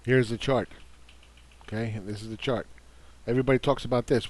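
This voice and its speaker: A man talks through a market overview with a combative, dismissive edge. His voice sits at an ordinary middle pitch. He leans on repeated words to drive his points home. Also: quick pace, a little mellow. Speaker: investing commentator. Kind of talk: casual market commentary.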